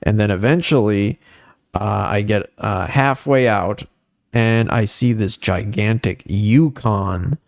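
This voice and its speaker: A young man hosting a casual podcast, telling a story animatedly and jumping up in pitch at the dramatic moments. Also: slow, gravelly, no room sound, studio quality. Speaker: podcast host.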